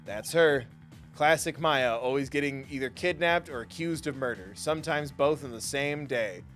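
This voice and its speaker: A man's voice: medium pitch, moderate pace, fairly bright tone, soft background music, lightly acted. A man voicing an earnest male defense attorney with dry, wry delivery.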